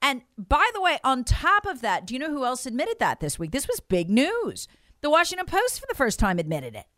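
Woman pundit, emphatic and scornful, smooth clear tone, close dry sound. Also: high-pitched, wildly swooping pitch, brisk, fairly bright tone, dry recording. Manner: indignant, emphatic, mocks quoted officials. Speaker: political commentator. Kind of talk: political talk show commentary.

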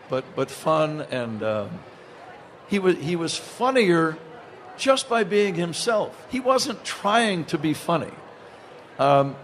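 An older man tells a comic story as a guest, laughing through the punchlines. His voice sits high for a man. A faint hiss of noise lies under it. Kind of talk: storytelling anecdotes.

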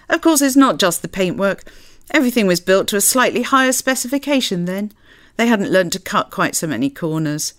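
A woman presenting a book show, reading a novel aloud expressively, then chatting with her co-host. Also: fairly low pitch.

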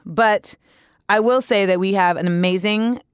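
A woman's voice: mid-range voice, a little slow, clean tone, no echo, studio quality. Candid, joking woman podcast host. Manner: candid, opinionated, profane, jokey asides. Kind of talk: casual solo monologue.

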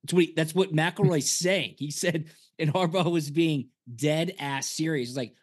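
A former punter co-hosting a casual sports podcast, telling stories and acting out quotes. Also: male voice, on the high side, normal speed, few pauses. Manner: animated storyteller, acts out quotes.

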